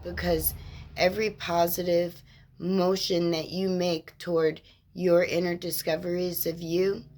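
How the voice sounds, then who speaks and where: A woman with a lowish voice gives a spiritual mentor's inspirational monologue. She talks very slowly and measuredly, stringing words into drawn-out lists. Her tone is gentle and reassuring.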